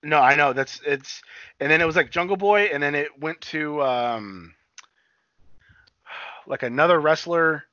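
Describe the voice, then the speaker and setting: A man co-hosting a casual chat, retelling things in a rambling, profane, animated way. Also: a little high, unhurried, long pauses, no room sound, muffled recording. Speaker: podcast co-host.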